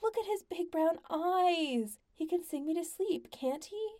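Woman doing a high squealing spoiled lady. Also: lively intonation, a little slow, a little mellow, dry recording, studio quality. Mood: gushing. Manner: pouting, squealing, childishly demanding. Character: spoiled, gushing rich young lady, a noblewoman.

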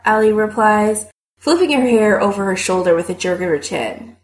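A woman reading fiction aloud as an audiobook narrator in an expressive way. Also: medium pitch, normal speed.

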